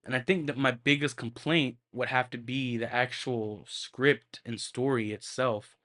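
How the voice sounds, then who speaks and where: A man's voice: mid-range voice, steady tone, unhurried, a bit bright. A man hosting his own podcast, giving a casual movie review in a rambling way with lots of filler words and free swearing. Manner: rambling, full of fillers and restarts, swears freely. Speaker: podcast host and film reviewer.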